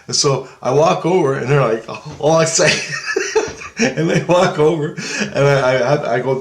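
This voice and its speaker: A man's voice: on the high side, normal speed, echoey room. A man telling a story in a casual, rambling way. He swears, laughs often and acts out the voices of the people in it. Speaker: storyteller recounting an astral travel experience.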